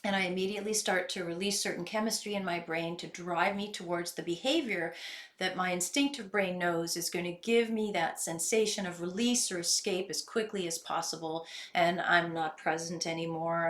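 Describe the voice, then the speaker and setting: A woman self-help coach teaching in an earnest, reflective way and slowing down to stress her points. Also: lowish voice, a bit bright. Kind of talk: instructional self-help talk. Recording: echoey room.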